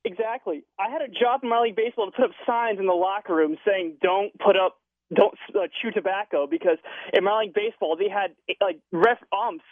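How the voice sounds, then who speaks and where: Fast-talking male caller on a tinny phone. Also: sits high, no room sound. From Connecticut. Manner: quick, earnest, uses "like" a lot. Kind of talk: radio call-in.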